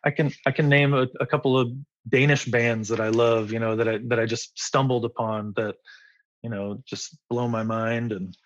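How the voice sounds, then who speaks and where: A man's voice: mid-range voice, steady tone, normal speed, no echo, lo-fi sound. A man in his forties, a musician being interviewed, talking in a rambling, enthusiastic way. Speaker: musician guest. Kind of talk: casual interview.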